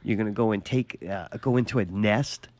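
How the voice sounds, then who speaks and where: A man's voice: on the low side, a little fast, darkish tone, no room sound. A man hosting a casual podcast, telling rambling, profane stories with lots of laughter. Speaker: podcast host. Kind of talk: casual chat.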